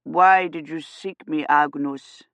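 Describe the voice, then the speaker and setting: A woman voicing a grave, kindly medieval village priest who speaks slowly and gently. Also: sits low, steady tone, dry recording, highs cut off, full character voice. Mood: gentle, concerned. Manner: slow, gentle, questioning.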